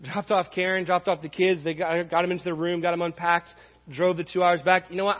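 A man's voice: high voice, level tone, a little fast, big-room sound, highs cut off. A man preaching a sermon as a pastor, telling stories earnestly and acting out dialogue.

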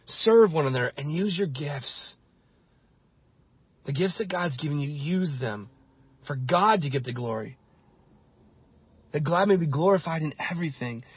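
A man's voice: on the high side, slightly rough, no echo, highs cut off. A male pastor giving an impassioned sermon, building his points through repeated phrases.

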